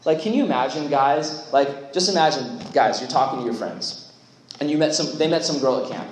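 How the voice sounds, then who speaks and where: A man's voice: medium pitch, a little fast. A young adult man giving a casual, jokey youth sermon as youth pastor, acting out quotes along the way. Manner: chatty, jokey, acts out quotes. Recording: very echoey room.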